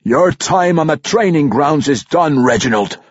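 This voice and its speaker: A man voicing a gruff, stern male dwarf king who shouts and scolds in a dwarven dialect. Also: on the high side, animated, measured pace, no room sound, dull audio, voice pushed up.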